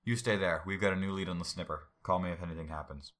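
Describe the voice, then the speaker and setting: A man's voice: deep voice, steady tone, fast, fairly bright tone. A man reading a story aloud and then chatting casually about it. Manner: casual, laughs while commenting.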